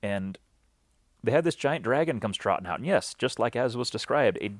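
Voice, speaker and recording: A man's voice: medium pitch, expressive, moderate pace, no echo, studio quality. A man recapping a weekend game event in a loose, rambling way, full of fillers and restarts, acting out bits of dialogue.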